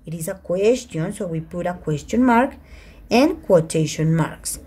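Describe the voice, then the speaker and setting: Low-ish, expressive, mellow and husky, a woman's voice moves a little slowly as she teaches online English grammar. Her Spanish accent reflects her first language, Spanish, which she switches into to explain after reading example sentences; the sound comes from a computer mic on a video call.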